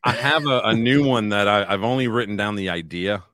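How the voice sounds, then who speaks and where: A man's voice: on the low side, brisk, sharp tone, dry recording, clean studio sound. A man co-hosting a casual podcast, joking crudely and singing his own parody lyrics. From Alabama. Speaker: podcast co-host. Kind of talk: casual chat and song parodies.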